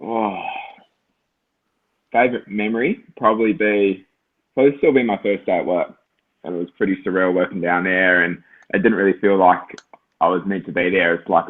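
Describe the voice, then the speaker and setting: A man's voice: low-pitched, steady tone, moderate pace, pauses often. A man with a New Zealand accent, a lifeguard guest, chatting in a modest, laid-back way. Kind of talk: casual chat. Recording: tinny phone-like call audio.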